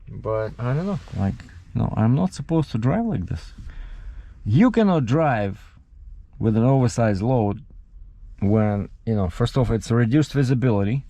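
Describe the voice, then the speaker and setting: A man's voice: medium pitch, dry recording. A man, a truck driver, telling stories in a casual vlog and acting out what people said, with a dry close sound. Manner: animated, acts out his own quotes, laughs at himself.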